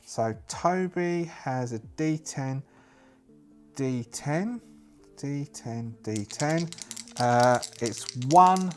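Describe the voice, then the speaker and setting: A man's voice: medium pitch, animated, drawn-out words. A man narrating his own solo tabletop game, talking through each step as he plays. He muses and thinks aloud, hesitating as he works out what comes next. Faint music sits underneath his voice. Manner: musing, thinking aloud with fillers.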